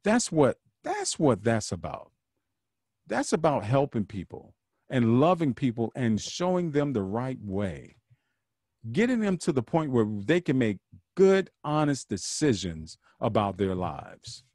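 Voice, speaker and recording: A man talks straight to his listeners in an earnest, preaching way, often repeating himself to drive a point home. His pitch swings widely as he speaks. The sound is dry and close, with no room around it. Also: sing-song, unhurried, a little mellow, no room sound. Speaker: podcast host. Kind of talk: solo podcast monologue.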